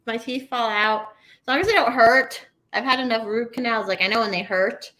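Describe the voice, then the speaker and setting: Podcast co-host, woman in her thirties, bright higher voice, swears freely while ranting. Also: moderate pace. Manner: profane, ranting, blunt. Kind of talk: casual chat.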